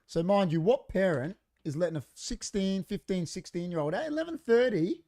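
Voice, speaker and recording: A man's voice: sits high, normal speed. Profane man telling a story. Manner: profane, animated, acts out quoted dialogue. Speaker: podcast co-host. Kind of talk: casual storytelling chat. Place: podcast studio.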